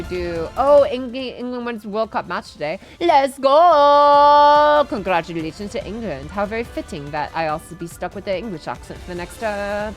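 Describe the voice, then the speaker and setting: A prim, self-consciously proper British voice put on by a woman streamer, stiff and formal in its phrasing. It lands at a middling pitch, with soft music faint behind it. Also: lightly acted. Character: exaggerated prim British version of the streamer herself. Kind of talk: put-on British accent during a livestream.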